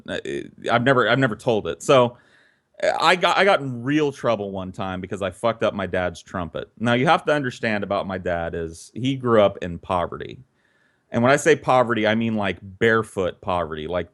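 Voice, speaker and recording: A man's voice: lowish voice, a bit bright. A man telling a childhood story in a casual, conversational way, swearing freely and animating the tale.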